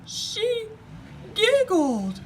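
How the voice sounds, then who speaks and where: A woman voicing a weepy male king who sobs and wails in a high, strained voice. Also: very animated, slow pace, creaky, slight background noise, heavily acted. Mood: wailing. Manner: sobbing, wailing and high-pitched. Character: weepy wailing king, grown man.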